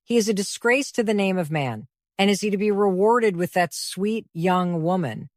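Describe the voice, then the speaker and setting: A woman reading the part of an earnest gentleman, speaking low and with deep feeling. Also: normal speed, no room sound, studio quality, lightly acted. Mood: tender. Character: earnest gentleman, older friend, tender and grave.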